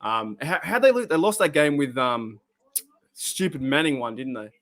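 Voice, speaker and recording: At a medium pitch and normal speed, an Australian man hosts a live-stream reaction, chatting casually in an animated, rambling manner and swearing freely.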